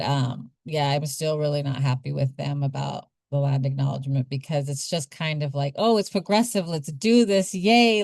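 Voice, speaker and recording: Passionate low-voiced woman panelist. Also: no echo. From Chumash community, California. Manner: passionate, emotional, animated quoting. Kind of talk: panel discussion.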